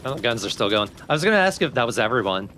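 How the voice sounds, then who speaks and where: A man's voice: medium pitch, sing-song, racing, sharp tone, a little hiss or hum. A man co-hosting a let's play, trading laid-back, joking banter about the game. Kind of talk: casual gameplay commentary.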